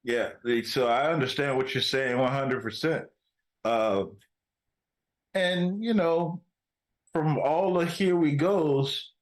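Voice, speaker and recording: A man co-hosting a casual movie review, joking and bantering quickly with his partner. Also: medium pitch, roomy sound.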